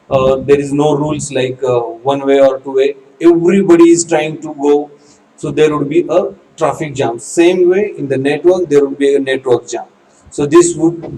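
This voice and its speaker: A man's voice: medium pitch, warm tone, far from the mic, poor audio. A man teaching a class, explaining step by step with examples and repeating phrases. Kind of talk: classroom lecture.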